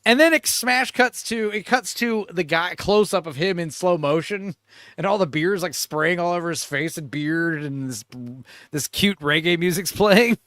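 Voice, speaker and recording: Animated male podcast co-host, bright voice with a slightly high pitch, retells scenes with laughter. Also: moderate pace, dry recording, clean studio sound. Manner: animated storytelling, laughing often. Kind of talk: casual film chat.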